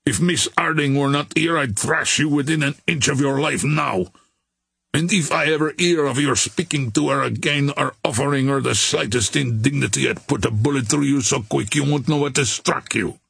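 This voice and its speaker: A man's voice: medium pitch, moderate pace, creaky, breathy edge, no room sound. A man voicing an angry young male ship's mate who barks orders and threats. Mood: threatening. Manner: shouting orders.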